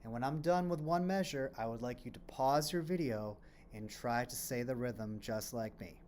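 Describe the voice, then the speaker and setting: Speaking at a moderate pace in a mid-range, somewhat mellow voice, a man teaches kids about rhythm. He explains with patience, asks questions and then supplies the answers, and claps along while chanting rhythm syllables over faint background noise.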